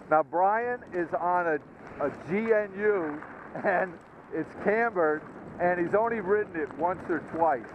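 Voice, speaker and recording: Enthusiastic New man, mid-run on the slopes, muffled lo-fi helmet cam. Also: high-pitched. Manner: enthusiastic, folksy, talking while skiing. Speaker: ski vlogger giving a snow report. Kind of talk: casual on-slope snow report. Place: outdoors on a snowy ski mountain. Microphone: action camera on the skier. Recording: lo-fi action camera with wind noise.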